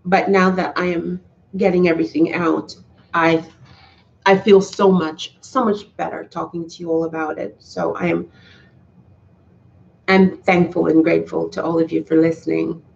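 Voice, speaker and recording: A woman's voice: lowish voice, steady tone, measured pace, creaky, long pauses, slight background noise. A woman talking to her viewers in a casual live stream, heartfelt and earnest, often restarting her sentences. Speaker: YouTuber talking to live chat. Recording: slightly dull, lo-fi sound.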